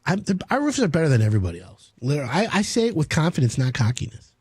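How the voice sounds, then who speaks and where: Male radio host, high husky voice, brash sales patter, dry close mic. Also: huge pitch swings, very fast, darkish tone, dry recording. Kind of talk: home improvement radio talk.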